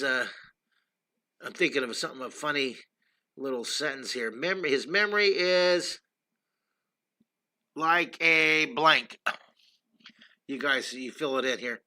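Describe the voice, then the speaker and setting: A man's voice: mid-range voice, unhurried, long pauses, sharp tone. Upbeat older man teaching drawing live. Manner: chatty and enthusiastic, greets viewers by name. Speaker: drawing teacher hosting a livestream. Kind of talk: casual livestream drawing lesson. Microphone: computer streaming setup.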